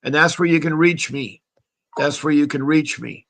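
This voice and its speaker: A man's voice: on the high side, normal speed, a bit bright. A man hosting a live stream call-in show, talking casually with a slightly scratchy voice and a friendly, rambling manner full of fillers.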